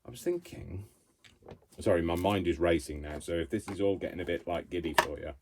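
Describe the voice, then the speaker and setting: A man's voice: deep voice, fairly even intonation, quick pace, very noisy. A man chatting while he crafts in his home craft room, rambling and poking fun at himself as he works. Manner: rambling, self-mocking, talks to himself while working. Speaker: craft vlogger.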